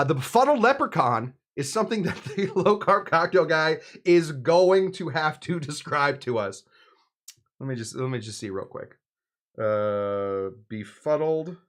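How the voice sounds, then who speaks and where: A man with a medium-pitched, slightly bright voice hosts a live cocktail show. He rambles casually, pokes fun at himself, and fills the chat with fillers and restarts, like a relaxed live stream.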